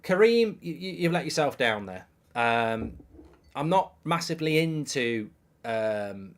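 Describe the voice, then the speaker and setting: A man's voice: mid-range voice, big pitch swings, measured pace. A man hosting a live football watchalong, chatting, reading out viewer messages, and reacting to the game. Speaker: host.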